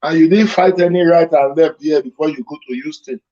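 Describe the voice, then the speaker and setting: A man's voice: on the high side, brisk, mellow. A man with a Nigerian accent from Midwestern Nigeria, a caller in a heated live debate, insistent and emphatic with rhetorical questions. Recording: muffled lo-fi sound.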